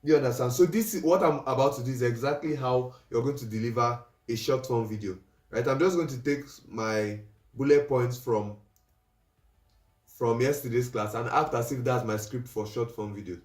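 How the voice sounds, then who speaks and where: A man's voice: mid-range voice, moderate pace, a little mellow, recorded from a distance. A man teaching a livestream class on making videos, explaining steps and checking in with his listeners. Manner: instructive, checks in with "right?" and "do you understand?". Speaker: livestream creative coach. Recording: roomy echo, voice off-mic.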